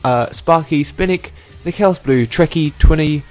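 A man hosting a casual internet show with a somewhat high voice. He rambles playfully, stalls with ums and jokes as he goes. Faint music plays in the background. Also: measured pace, darkish tone. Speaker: host. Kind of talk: casual podcast chat.

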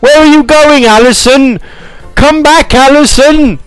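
A man imitating a screaming, stalker-like male singer who wails his lines in a high, drawn-out voice. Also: no echo, poor audio. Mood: frantic pleading.

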